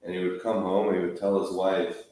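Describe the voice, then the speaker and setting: Man, storytelling sermon, deep dark voice, conversational and repetitive, far off in a roomy hall. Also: level tone, fairly quick, slight background noise. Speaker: speaker at a Tisha B'Av gathering. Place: large hall, sitting on the floor.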